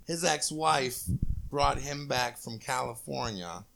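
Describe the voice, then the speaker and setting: A man's voice: mid-range voice, slow pace, gravelly, fairly bright tone. A man chatting as a podcast guest in a laid-back, swearing way. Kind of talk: casual chat.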